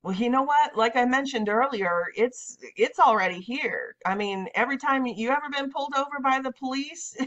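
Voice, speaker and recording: A woman's voice: on the high side, normal speed, fairly bright tone. A woman in her thirties talking to camera in a casual vlog monologue, emphatic and insistent, often repeating her points. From United States. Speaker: vlogger. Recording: dull lo-fi audio.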